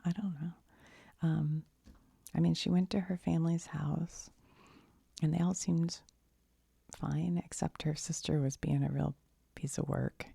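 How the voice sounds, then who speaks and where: A woman chatting in soft-spoken ASMR style, rambling and giggly as she drifts between quiet speech and whispers. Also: deep voice, gravelly, breathy edge, dry recording. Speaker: ASMR creator.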